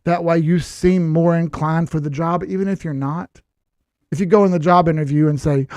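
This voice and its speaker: High-voiced man giving blunt market commentary. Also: fairly even intonation, normal speed, darkish tone, no room sound, clean studio sound. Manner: blunt, lecturing, sarcastic asides. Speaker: crypto chart analyst host.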